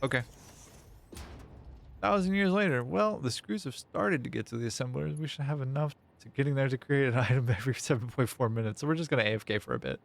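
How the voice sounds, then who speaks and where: Talking fast with a mid-range voice and vocal fry, a man streams a game while casually chatting with his audience. He reads their messages out loud and slips into playful, mock-dramatic whining.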